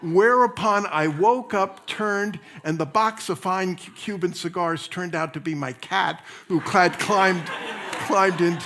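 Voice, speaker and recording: A male pastor telling a personal story from the pulpit, with a voice pitched somewhat high for a man. He speaks loosely and conversationally, often restarting phrases and laughing at his own story. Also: unhurried, fairly bright tone, a faint crowd, a little hiss or hum.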